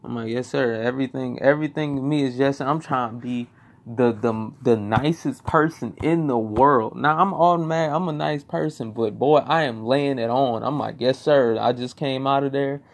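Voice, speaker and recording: A young man tells a story from his own life in a loose, rambling way. He swears freely and often circles back over the same words. His voice is gravelly, with a rough crackle at mid pitch. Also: normal speed. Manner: swearing, rambling, repeats himself. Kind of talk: casual personal storytelling.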